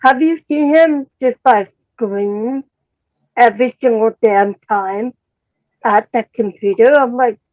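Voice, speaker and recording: A woman speaking hesitantly in casual livestream chat, pausing with fillers. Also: a little high, no room sound. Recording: dull lo-fi audio.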